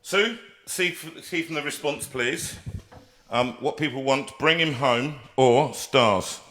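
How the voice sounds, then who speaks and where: A man's voice: medium pitch, slow pace. A man hosting a live music stream, bantering casually and reciting and singing a comic country song over his guitar. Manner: relaxed, jokey banter between songs. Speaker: singer and host of a live home stream. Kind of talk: chatty live performance with sung and recited song.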